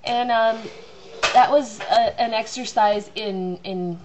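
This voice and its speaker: A woman's voice: fairly high pitch, slow. Chatty woman rambling over background hiss. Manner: chatty, self-mocking, acts out loud voices. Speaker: mother telling a home story. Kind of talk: rambling storytelling monologue.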